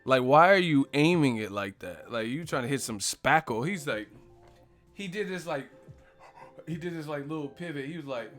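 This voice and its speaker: Animated, laughing man on a live chat. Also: a little high, normal speed, soft background music. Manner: animated storytelling, laughs often, acts out movie lines; profane, slangy. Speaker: host of a live boxing stream. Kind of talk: casual live-stream chat.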